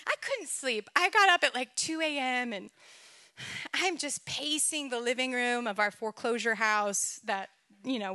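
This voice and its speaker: A woman preaching a sermon, telling a personal story in an animated, emotional way and laughing often. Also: high voice, no echo.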